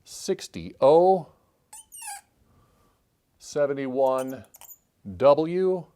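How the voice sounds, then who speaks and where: A man hosting a puzzle channel, thinking aloud as he calls out letters and clue numbers in a measured solve-along walkthrough. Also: fairly high pitch, mellow, smooth. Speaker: puzzle-solving channel host.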